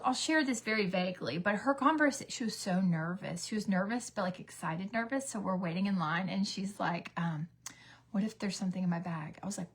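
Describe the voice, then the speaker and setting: A middle-aged mother and beauty vlogger chats casually while getting ready, telling a story packed with fillers. Her voice is medium-pitched and a bit bright.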